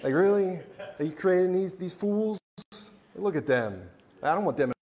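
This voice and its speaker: A man's voice: sits high, expressive, moderate pace, darkish tone, voice pushed up. A man voicing a scornful male devil who mocks and sounds incredulous, in a lifted voice. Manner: mocking, incredulous.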